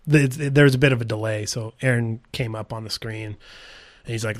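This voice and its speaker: A man from South Dakota, a bike race mechanic, spins his stories in a relaxed, easygoing way, dropping "like" and "dude" all through. His voice sits at an ordinary middle pitch. The sound is dry and close, with no room around it. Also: fairly quick, no room sound. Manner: laid-back, heavy on "like" and "dude", animated retellings. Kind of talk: casual storytelling interview.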